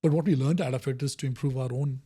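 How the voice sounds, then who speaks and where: Husky man telling a work story. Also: mid-range voice, quick pace. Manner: animated storyteller who acts out quoted dialogue. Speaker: guest, innovation director. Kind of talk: conversational interview storytelling.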